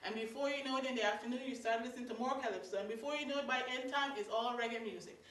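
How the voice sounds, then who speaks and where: Guyanese woman, live storyteller, lively and chatty, fairly high voice, echoey hall recorded from far off. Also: racing. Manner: lively and chatty, laughing between lines, piling up lists. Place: meeting hall of a religious society. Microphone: distant room mic.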